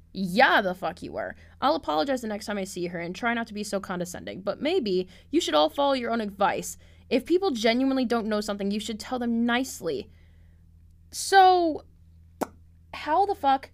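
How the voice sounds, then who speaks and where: A young woman hosting a casual podcast, reading out online posts and reacting bluntly and sarcastically, swearing freely. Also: fairly high pitch. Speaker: podcast host.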